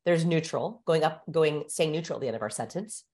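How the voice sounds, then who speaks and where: A woman's voice: deep voice, fairly quick, warm tone. A woman speaking as a guest expert on a podcast, explaining and demonstrating ways of speaking in a coaching manner. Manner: coaching, demonstrates vocal exercises. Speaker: guest expert on body language. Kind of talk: instructive podcast conversation.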